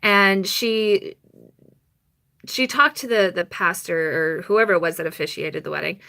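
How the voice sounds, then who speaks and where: A young woman chatting on a live stream, telling a rambling personal story with quick laughs and mock quotes. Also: fairly low pitch, creaky, bright, forceful tone.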